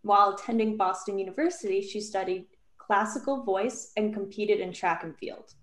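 A woman's voice: mid-range voice, moderate pace. A woman hosts a trivia round and reads her clues in a playful, announcer-like way. Her voice carries a noticeable room echo. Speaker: quiz host. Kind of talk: reading trivia clues in a casual chat.

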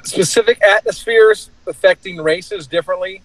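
A man joining a casual podcast chat with quick questions from the side. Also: high-pitched, poor audio.

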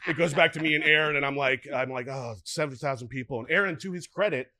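A middle-aged man, a guest actor, telling lively anecdotes in casual podcast chat, often acting out what people said. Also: on the high side, quick pace, no room sound. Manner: animated, lively anecdotes with frequent restarts and acted-out quotes.

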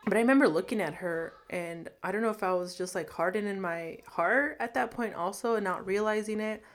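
A woman's voice: medium pitch, a little fast. A woman frankly telling her own life story in a casual interview, with many fillers. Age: adult. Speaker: guest. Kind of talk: candid personal storytelling.

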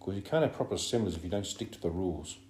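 A man voicing a strained boy leader who shouts to keep order, in a roomy room with a faint hum. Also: sits low, lively intonation, rapid-fire. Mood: exasperated. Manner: raised, shouting to restore order.

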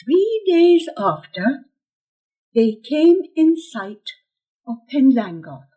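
A woman narrating a fantasy audiobook in a slow, expressive storytelling manner. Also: high voice.

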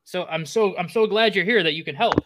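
A man's voice: high-pitched, brisk, noisy background, voice pushed up, close to an everyday voice. Man putting on a frail old hermit. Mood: pleading. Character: frail old male hermit, anxious and pleading.

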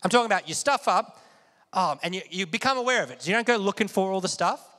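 A man's voice: sits high, expressive, fast, pushed and bright. A man preaching a sermon in a conversational way, often asking his listeners questions and getting them to repeat words. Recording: long hall reverb.

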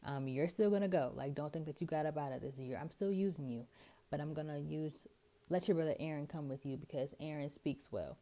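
A woman's voice: low voice, brisk, mellow. A woman voicing God in a blunt, slangy retelling, talking emphatically to a reluctant prophet. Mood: exasperated.

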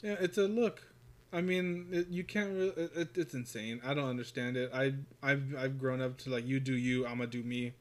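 A man's voice: medium pitch, normal speed. A man hosting a casual podcast chat, rambling through stories with lots of fillers and swearing. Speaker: podcast host.

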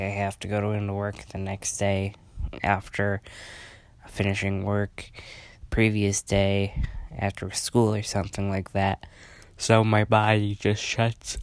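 A sleepy young man hosting his own casual podcast, rambling and halting with frequent restarts and yawns. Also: lowish voice, no echo. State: sleepy, yawning. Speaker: podcast host. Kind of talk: casual solo podcast chat.

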